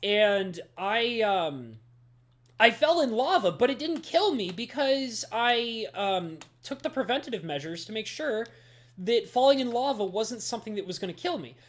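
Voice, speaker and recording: Animated rambling woman streamer. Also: fairly high pitch, moderate pace. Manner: animated, rambling, lots of fillers. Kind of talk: casual gameplay stream chat.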